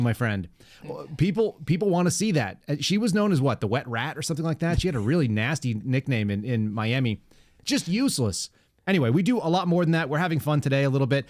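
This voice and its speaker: Sarcastic podcast host, dry close sound. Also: male voice, mid-range voice, darkish tone, dry recording. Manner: sarcastic, rambling, quick asides. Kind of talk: casual political podcast chat.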